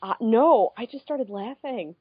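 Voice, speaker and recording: A woman in her twenties from the Midwest, co-hosting a podcast and telling a story in a casual, animated way with frequent swearing. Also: a little high, unhurried, breathy edge, no room sound, phone-quality sound. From American Midwest. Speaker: podcast co-host.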